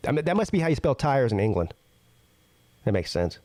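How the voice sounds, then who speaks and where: A man's voice: very animated, fairly quick, darkish tone, no room sound. A male show host reading news stories aloud and breaking in with blunt, profane reactions. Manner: reads headlines then reacts with blunt, profane asides; jumps high in pitch when incredulous. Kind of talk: casual news reading with commentary.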